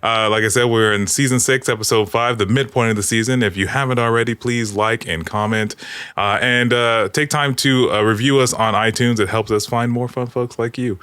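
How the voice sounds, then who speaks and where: A man's voice: medium pitch, moderate pace, smooth, dry recording, clean studio sound. A man hosting a casual comedy podcast, joking and laughing with his co-hosts. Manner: jokey, excitable, laughs often. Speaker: podcast host.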